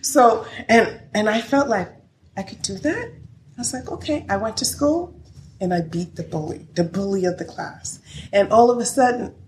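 A woman's voice: medium pitch, animated, normal speed. A woman guest in a casual interview, telling stories candidly and laughing often, recorded in an echoey room. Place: her studio. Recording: echoey room with faint noise.

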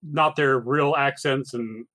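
A man playing in a tabletop game, chatting casually and making dry, deadpan jokes. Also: medium pitch, slow pace, no echo. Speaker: player.

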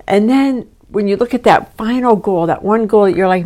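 A woman in her sixties hosts a self-help podcast, speaking straight to the listener. Her voice sits at an ordinary middle pitch, and her delivery is earnest and instructive, like a coach giving homework. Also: normal speed, a little mellow. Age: 60s. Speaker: podcast host and life coach.

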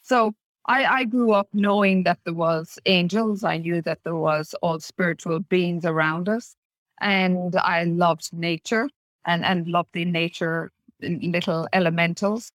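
A woman from Ireland with an Irish accent, a podcast guest and author telling her life story gently. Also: fairly low pitch, steady tone, unhurried, dry recording, poor audio. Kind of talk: interview storytelling.

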